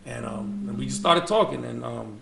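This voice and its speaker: Speaking at a moderate pace in a medium-pitched, slightly bright voice with vocal fry, this New York–accented guest from the Bronx spins casual, slang-filled stories with lots of fillers. The interview was recorded in an echoey room carrying faint ambient noise.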